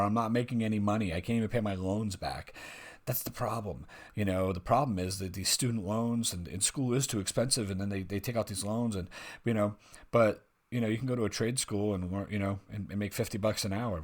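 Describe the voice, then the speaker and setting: A man hosting a reaction video, giving blunt, rambling opinions and swearing freely. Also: mid-range voice. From United States. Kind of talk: casual opinionated reaction commentary.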